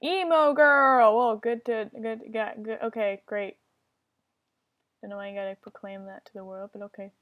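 A woman's voice: medium pitch, little pitch movement, normal speed, a little mellow. A young woman giving casual commentary while playing an online game, often frustrated and swearing at other players. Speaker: gamer.

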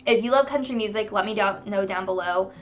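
A woman vlogger chatting to camera, telling animated stories with laughter. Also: mid-range voice, brisk, highs cut off, slight background noise. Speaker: beauty vlogger. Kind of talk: casual chat to camera.

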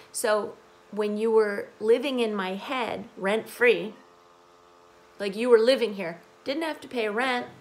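An American woman teaching English who explains song lyrics to learners slowly and patiently, repeating key phrases, with a hoarse morning voice. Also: medium pitch, rough recording.

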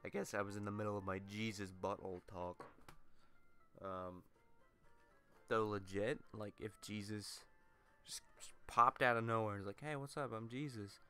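A man's voice: on the low side, little pitch movement, moderate pace, pauses often, pushed and bright, clear, resonant tone, faint music behind. A man hosting a let's play, rambling through crude, self-mocking jokes while commenting on the game.

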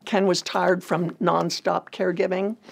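A woman, a ministry leader, telling a personal testimony in an earnest, measured way. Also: fairly low pitch, level tone, creaky, breathy edge.

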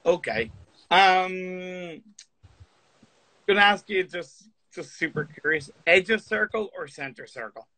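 A man's voice: high voice, expressive, slow, bright, forceful tone, no echo, low-quality recording. A man interviewing a guest on a live stream in an eager, playful way, often stammering and restarting his questions.

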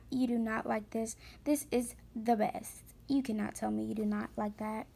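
A woman giving excitable, gushing commentary to her viewers while shopping in a game. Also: on the high side, unhurried, vocal fry, hardly any pauses. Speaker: gaming vlogger.

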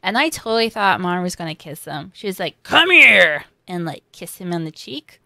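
A woman's voice: fairly low pitch, brisk, fairly bright tone, dry recording, clean studio sound. A young woman hosting an anime reaction, chatting casually in slang and acting out characters' lines.

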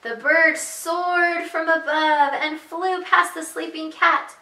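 Bright, slow-reading preschool teacher. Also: female voice, slight background noise. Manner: slow, sing-song storytelling with lots of pitch leaps. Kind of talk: reading picture books aloud to young children. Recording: echoey room, voice heard from a distance.

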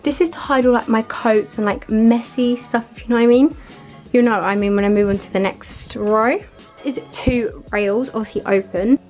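A woman's voice: on the high side, normal speed, a little mellow, faint music behind. A young woman vlogging casually from her bedroom, rambling with lots of "like" and "literally", a little out of breath. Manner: chatty, rambling, fillers like "like" and "literally". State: a bit out of breath. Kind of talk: casual vlog chat.

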